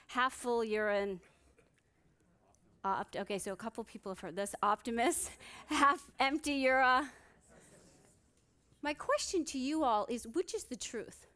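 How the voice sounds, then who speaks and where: On a conference stage, a psychiatrist with a fairly high, somewhat bright voice gives a motivational talk. She shares humorous stories and keeps asking listeners rhetorical questions.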